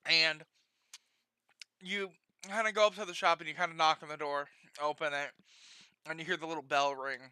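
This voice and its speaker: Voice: mid-range voice, steady tone, moderate pace, pauses often, sharp tone, clean tone, no echo. A game master narrating a homebrew tabletop session in a casual, profane way, laughing often.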